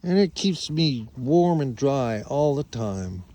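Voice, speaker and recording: A man voicing a contented sheep bragging about its warm coat, in a smug, cheerful way. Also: medium pitch, lively intonation, slow.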